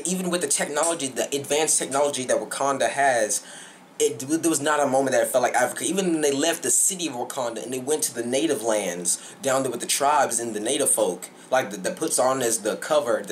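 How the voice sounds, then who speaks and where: A man's voice: medium pitch, a little hiss or hum. Young guy reviewing a film, hyped and rambling, circles back to the same points. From Southern United States. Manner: excited, rambling, repeats himself. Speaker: movie reviewer. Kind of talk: casual movie review.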